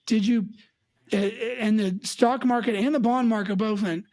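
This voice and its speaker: A woman with a higher-pitched voice speaks at a moderate pace. She's a financial advisor on an advice chat show, talking emphatically and with lots of energy while she acts out the voices of her clients.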